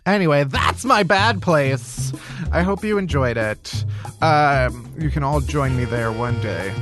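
A man's voice: mid-range voice, lively intonation, a little slow, over music. A man hosting a podcast, telling a rambling, exasperated comic story and laughing often. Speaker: podcast host.

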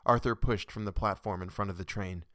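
A man narrating a short story in a steady, measured reading. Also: lowish voice, no room sound, studio quality.

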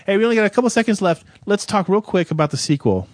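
A man's voice: high voice, lively intonation, fast, no room sound. A man hosting a casual podcast chat, rambling and self-correcting with a joking tone. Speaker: podcast host.

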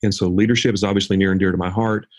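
A man with a low, husky voice talks as a guest on an interview show. he is confident and animated, and he explains his points through stories, like a trainer speaking to a room. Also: very fast. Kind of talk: conversational interview storytelling.

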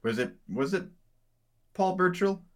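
A man's voice: high voice, animated, a little slow. A man with a mid-range voice that moves around a lot co-hosts a casual chat. He sounds easygoing and slightly hesitant, trailing off with fillers as he offers his take. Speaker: podcast co-host.

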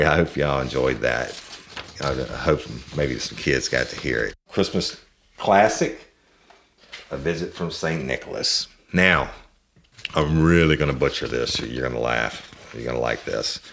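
A man's voice: rumbling low, gravelly, fairly bright tone. A man hosting a podcast, chatting to listeners in a folksy, self-deprecating way. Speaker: podcast host. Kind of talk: casual chat to listeners.

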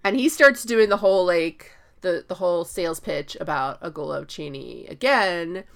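A woman co-hosting a casual book discussion podcast, retelling scenes with lively put-on character voices. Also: lowish voice, vocal fry. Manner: animated, acts out characters in quick voices. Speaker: podcast co-host.

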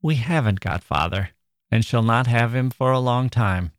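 A man's voice: mid-range voice, normal speed, no echo, natural voice. Man doing a grumbly tomboy teen girl, mostly his own voice, dry sound. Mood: grumbling. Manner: grumbling, blunt. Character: tomboyish teenage girl, bookish and blunt.

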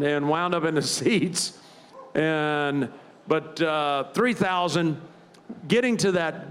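An older man, a retired ballplayer, telling rambling anecdotes in a live interview with frequent restarts and chuckles. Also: fairly high pitch. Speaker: retired baseball player, guest.

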